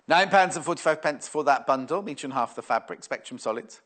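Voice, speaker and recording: Lively-voiced man selling fabric. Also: a little high, quick pace. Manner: chatty, musing aloud, reading viewer messages. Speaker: shopping channel presenter. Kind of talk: live sales demonstration.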